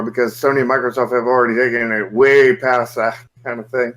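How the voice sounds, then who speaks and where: A man's voice: mid-range voice, flat delivery, a little fast, a bit bright, rough recording. A man in casual podcast chat, opinionated and explaining his view at length with many "you know"s.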